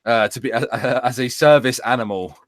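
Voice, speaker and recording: A man co-hosting a casual online radio chat, talking in an animated way. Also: medium pitch, fairly quick. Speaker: co-host.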